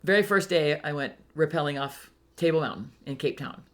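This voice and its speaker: Talking a little fast in a low-pitched voice, the older Hawaiian woman, once a firefighter, tells travel tales as an interview guest. She's animated and voices the people she met along the way.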